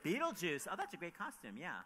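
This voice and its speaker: Super bright guy on stage gushing thru showbiz stories, acts out all the quotes. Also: a little high. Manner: gushing, excitable, quick asides, acts out quotes. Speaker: author and radio host speaking at a festival. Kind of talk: animated anecdotal storytelling on stage. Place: stage at a festival event.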